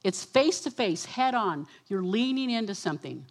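A woman preaching to a gathering, telling a dramatic personal story and slipping into the voices of everyone involved. Her voice sits at an ordinary middle pitch, and her delivery is conversational and animated. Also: moderate pace. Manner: animated storytelling, quotes herself and others.

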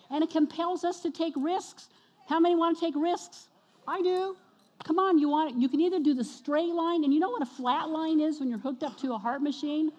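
A woman preaching a sermon to her congregation, energetic and exhorting, often questioning the listeners. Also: sits high, muffled recording. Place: church sanctuary. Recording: long reverb of a church hall.

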